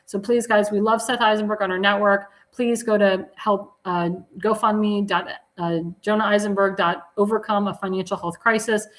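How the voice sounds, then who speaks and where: A woman's voice: mid-range voice, steady tone, normal speed, low-quality recording. A woman hosting a live political talk show, plugging candidates with enthusiasm, repeating calls to donate and correcting herself mid-sentence.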